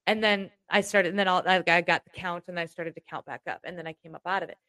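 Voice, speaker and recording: A woman telling a rambling, animated story in casual chat as a podcast co-host. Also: lowish voice, fast, dry recording, studio quality.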